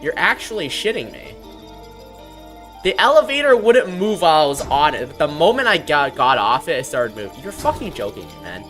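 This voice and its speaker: A man's voice: on the high side, sing-song, normal speed, a bit bright, soft background music. Rambling non-native-English streamer man. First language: not English. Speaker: game streamer. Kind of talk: casual gameplay commentary.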